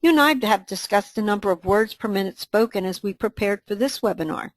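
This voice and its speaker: A woman co-presenting a training webinar, reading a scripted dialogue in an even, instructive way. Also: medium pitch, fairly quick, dry recording.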